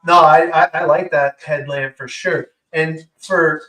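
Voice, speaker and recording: A man's voice: on the high side, fairly even intonation, measured pace, fairly bright tone. A man co-hosting a casual show-and-tell, talking enthusiastically with lots of fillers while he demonstrates. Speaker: co-host. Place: indoor workshop room. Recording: roomy echo, far from mic.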